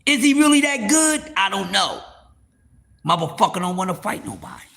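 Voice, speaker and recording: A man's voice: high voice, big pitch swings, normal speed, gravelly, bright, forceful tone. A man hosting a live stream, ranting heatedly about boxing to his viewers, profane and repeating words for emphasis. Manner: speaks straight to the viewers as y'all. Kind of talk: casual boxing rant to a live audience.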